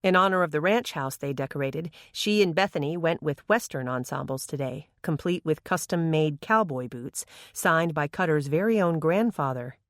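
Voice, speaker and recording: An audiobook narrator reading a story in an even, unhurried way. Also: mid-range voice, no room sound, studio quality. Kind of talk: scripted narration.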